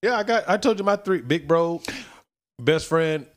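A man's voice: a little high, lively intonation, moderate pace. A man in his thirties co-hosting a podcast, chatting casually, laughing often and acting out voices in his stories. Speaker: podcast co-host. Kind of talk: casual chat.

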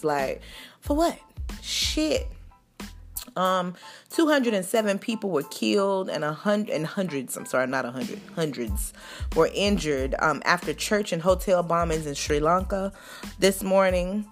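Low-voiced, profane woman host. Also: expressive, measured pace, soft background music. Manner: profane, fired-up commentary. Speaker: podcast host. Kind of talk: casual news chat.

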